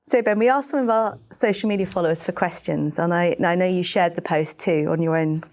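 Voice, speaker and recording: A woman's voice: on the low side, brisk, darkish tone. A woman interviewing an author for a library, asking attentive questions and reading out questions sent in by fans. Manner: attentive, reads out fan questions.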